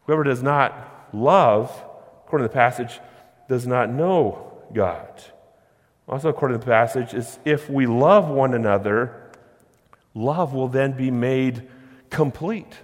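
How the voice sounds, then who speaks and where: A man preaching a sermon, slowing down on key words and swinging between hushed and loud. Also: medium pitch, big-room sound. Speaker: pastor. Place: church sanctuary.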